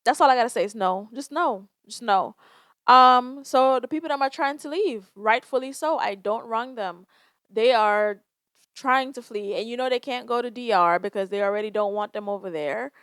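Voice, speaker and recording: A young woman hosts a solo podcast, speaking candidly and emotionally, often sighing and swearing. Her voice is fairly high, smooth, and fairly bright, at a moderate pace, with clean studio sound and no room noise.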